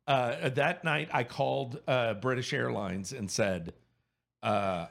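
A man in his fifties from Louisiana, telling a story in casual chat, animated, laughing and swearing freely. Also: medium pitch, slow, creaky. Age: 50s.

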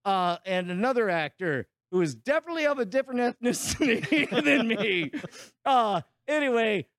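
High-voiced man rambling through a comic recap. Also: expressive, moderate pace, fairly bright tone, no room sound, studio quality. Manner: rambling, laughing, acts out characters in gruff low voices. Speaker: comedian recapping a film.

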